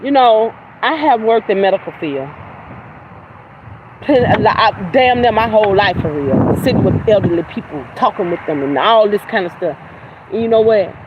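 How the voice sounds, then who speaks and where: In a casual livestream monologue, a middle-aged woman host speaks bluntly, emphatically and preachily about energy, God and people she refuses to deal with, cursing now and then amid spiritual talk. Her mid-range voice has lively intonation at normal speed, and the audio is dull with background noise.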